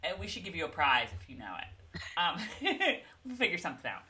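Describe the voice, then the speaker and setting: A woman's voice: lowish voice, very animated, brisk, sharp tone, slight background noise. A woman co-hosting a casual TV recap chat, telling the story with lots of energy and acting out the characters' lines. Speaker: podcast co-host.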